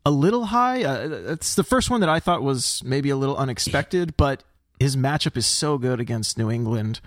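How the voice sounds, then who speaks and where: A man's voice: mid-range voice, moderate pace, no echo. A man co-hosting a fantasy football podcast, talking casually with dry, offhand humor. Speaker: podcast co-host.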